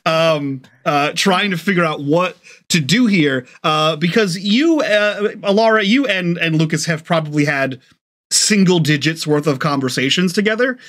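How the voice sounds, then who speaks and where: A man narrating as game master in a tabletop role-playing game, pausing often with ums and uhs. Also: a little high, a bit bright. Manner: hesitant, many filler ums and uhs.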